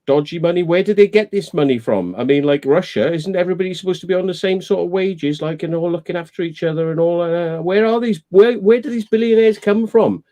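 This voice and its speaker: Guy ranting and swearing on a live stream, mellow voice, pitched a bit high. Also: fairly quick, hardly any pauses. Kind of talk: casual live-stream chat.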